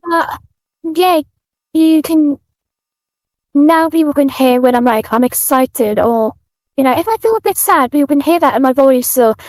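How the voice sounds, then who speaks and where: A woman from the UK with a British accent, chatting as a guest in an interview, soft-spoken with many fillers and restarts. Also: sits high, expressive, moderate pace, no room sound. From United Kingdom. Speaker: guest streamer. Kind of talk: casual interview chat.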